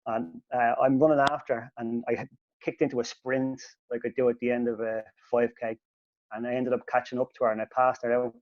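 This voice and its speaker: A man's voice: medium pitch, a little fast, no room sound. Sweary man telling a story. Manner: animated, sweary, voice jumps up when quoting himself. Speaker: podcast host. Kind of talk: casual storytelling. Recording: dull lo-fi podcast audio.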